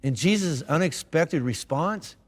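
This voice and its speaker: A male pastor with a high voice, preaching in an easygoing, chatty manner and often restarting his sentences. His words ring out with a long reverb, as in a big church hall. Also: expressive, measured pace. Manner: casual, conversational storytelling with repeated restarts. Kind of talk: sermon. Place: church auditorium.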